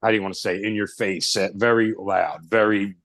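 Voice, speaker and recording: Middle-aged male panelist, low-ish voice, rambling and halting, dry close mic. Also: steady tone, a bit bright, no room sound. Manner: rambling, hesitant. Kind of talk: casual album review chat.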